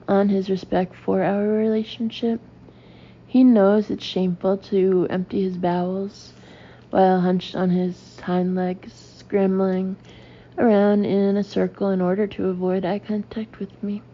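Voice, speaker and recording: A woman narrating a comic memoir audiobook in a dry, deadpan way. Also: medium pitch, dull audio.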